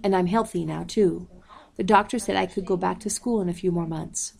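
A woman voicing a cheerful young girl who talks happily and brightly. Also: fairly low pitch, fairly quick, vocal fry. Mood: happy. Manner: happy, bubbly.

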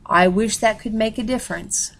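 A woman reading aloud, voicing a gentle, refined older rich woman who speaks softly. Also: a little high, normal speed, slight background noise, lightly acted. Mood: gentle, sad. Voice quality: soft, genteel.

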